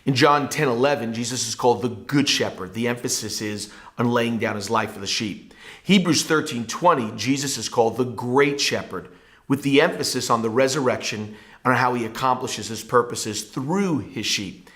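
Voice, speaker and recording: A man's voice: medium pitch, moderate pace, a bit bright. A male pastor giving a devotional Bible teaching in an earnest, emphatic preaching manner.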